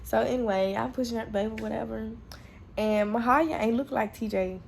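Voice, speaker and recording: A young woman vlogger telling a personal story to camera in a candid, profane, animated way, acting out the lines she quotes. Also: a little high, a little fast, creaky, a little hiss or hum.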